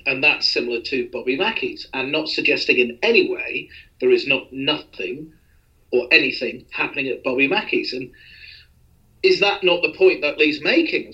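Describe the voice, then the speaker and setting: A man's voice: on the high side, bright, forceful tone, lo-fi sound. A man hosting a podcast, talking in a rambling, self-deprecating casual way with many restarts. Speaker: podcast host.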